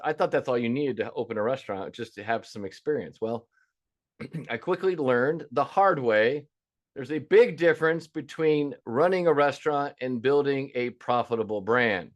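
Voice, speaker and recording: A man in his fifties teaching a webinar as a restaurant business coach, folksy and emphatic, acting out the calls he gets. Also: mid-range voice. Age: 50s. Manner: folksy, emphatic, acts out quoted callers.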